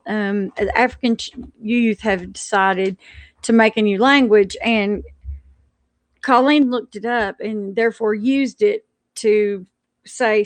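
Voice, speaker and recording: A woman's voice: a little high, no room sound. A woman ranting on a live stream, indignant and stumbling over her words as she restarts sentences.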